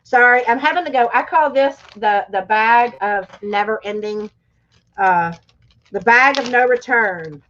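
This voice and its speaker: A chatty woman hosts a live stream, her voice pitched high and her delivery slow and unhurried. She has a scratchy, irritated throat, and the sound is a little dull and muffled. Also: fairly bright tone. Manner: chatty, talks straight to viewers. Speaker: livestream host; schoolteacher. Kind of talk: casual live chat.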